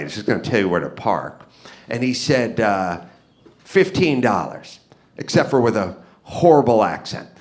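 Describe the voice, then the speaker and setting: A man hosting a live comedy podcast, telling stories and acting out dialogue with big swings in his voice. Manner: animated, acts out dialogue with big pitch swings. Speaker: podcast host. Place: live podcast on stage before an audience.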